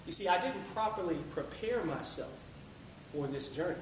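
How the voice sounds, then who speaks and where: A man telling a marathon story as a lively motivational speech at a club meeting. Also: high-pitched, normal speed. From Tampa area. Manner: energetic storytelling, sings a few lines. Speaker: public speaker. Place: meeting room. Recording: echoey room from far off, faint noise.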